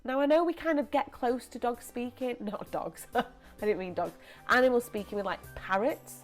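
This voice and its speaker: A young woman presenting a lively children's church story, chatty and animated. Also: on the high side, normal speed, faint music behind. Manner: animated, chatty, acts out voices.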